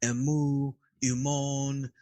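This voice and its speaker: A man co-hosting a grammar podcast who speaks very slowly and deliberately. He chimes in with technical terms and example verses. The sound is dry and close, with no room echo. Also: mid-range voice, flat delivery, dark tone. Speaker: Greek grammar podcast co-host. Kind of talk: casual teaching chat.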